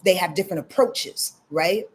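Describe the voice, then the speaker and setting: A woman's voice: fairly low pitch, normal speed, breathy edge. A woman astrologer giving casual live readings, talking straight to her viewers with lots of "y'all" and "you dig?".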